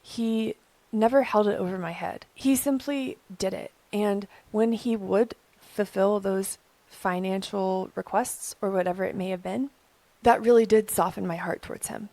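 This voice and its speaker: A young adult woman hosting an advice channel, talking calmly and earnestly from her own experience. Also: medium pitch, unhurried, no echo. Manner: gentle, earnest, speaking from personal experience. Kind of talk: calm advice talk to camera.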